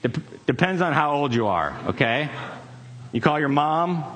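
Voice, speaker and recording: A man preaching, telling a personal story in a casual, conversational way with fillers and quick laughs. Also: fairly high pitch, very animated, fairly bright tone, big-room sound. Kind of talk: sermon story.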